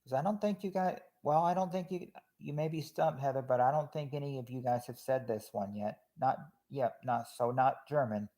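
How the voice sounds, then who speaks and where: A man from Kentucky, hosting a game night and reading out guesses in a chatty, stop-and-start way, trailing off quietly. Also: mid-range voice, moderate pace, hardly any pauses. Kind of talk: casual livestream game commentary.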